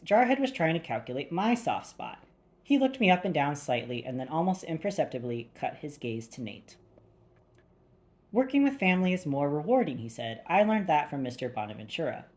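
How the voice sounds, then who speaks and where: Audiobook narrator, woman, low pitch, wry and animated. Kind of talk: first-person audiobook narration.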